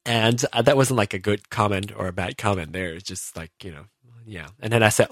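A man's voice: fairly low pitch, normal speed, a bit bright, no echo. A man hosting a solo podcast, rambling casually and mocking himself as he reads out listener comments. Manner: rambling and self-mocking, many fillers and restarts. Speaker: podcast host.

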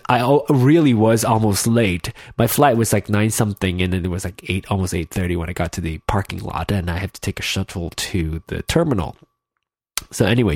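A man's voice: fairly low pitch, a little mellow, no room sound, studio quality. A man hosting his own podcast in casual solo talk, his nose stuffed up, rambling and often losing his train of thought. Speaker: podcast host. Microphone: in-ear headphones with mic.

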